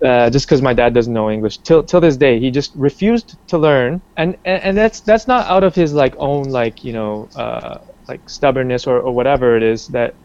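A man's voice: mid-range voice, moderate pace, hardly any pauses, clean tone, lo-fi sound. A young man from Canada being interviewed, talking casually with lots of fillers and restarts. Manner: rambling, many restarts and fillers, animated when quoting.

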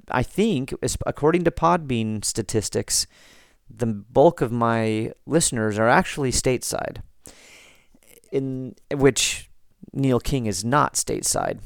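An American man hosting a podcast, reading listener comments and chatting in a relaxed, rambling way with frequent restarts. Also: mid-range voice, gravelly, no room sound, studio quality. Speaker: podcast host.

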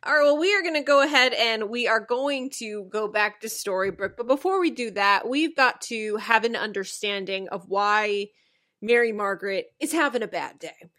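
A woman's voice: fairly high pitch, normal speed, pushed and bright. Woman co-host steering the chat. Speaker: podcast co-host. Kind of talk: casual recap chat.

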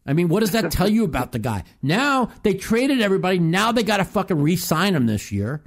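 A man's voice: high voice, very animated, brisk. A man hosting a call-in talk show, ranting profanely and animatedly about sports. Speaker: host.

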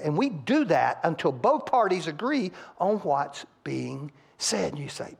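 A man's voice: sits high, normal speed, gravelly, hardly any pauses, husky. A male pastor preaching a sermon in a church and acting out quotes from couples to make his points. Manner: animated, acts out couples' quotes, rising loud on punchlines. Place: church sanctuary.

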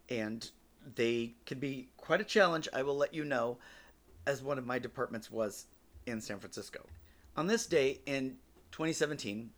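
A man's voice: medium pitch, a bit bright. Casual, joking man telling stories. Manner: casual, joking, swears freely. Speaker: podcast host.

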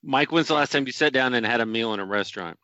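A man co-hosting a podcast with deadpan, wry remarks. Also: medium pitch, quick pace, no echo. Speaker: podcast co-host. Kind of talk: casual chat. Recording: dull lo-fi mic.

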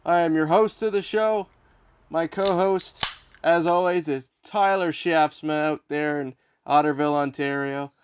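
A man's voice: a little high, measured pace, clear, resonant tone. A man from Canada, hosting a podcast in a casual, friendly chat, teasing and playing along with jokes. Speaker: podcast host.

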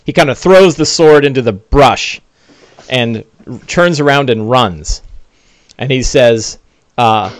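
A man narrating a tabletop game as game master, animated and full of fillers. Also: mid-range voice, measured pace, no room sound.

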